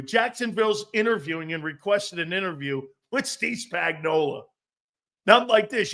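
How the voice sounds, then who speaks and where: Man, middle-aged, sports talk host, brash, profane, laughs a lot, high-pitched, casual. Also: expressive, normal speed, a bit bright. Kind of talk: casual sports talk show, reading live chat.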